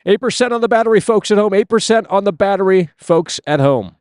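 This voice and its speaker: A man's voice: high-pitched, lively intonation, a little fast, darkish tone, dry recording, clean studio sound. A man hosting a casual live stream outdoors on his phone, ranting and swearing as he answers chat. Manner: ranting, profane, reading chat aloud.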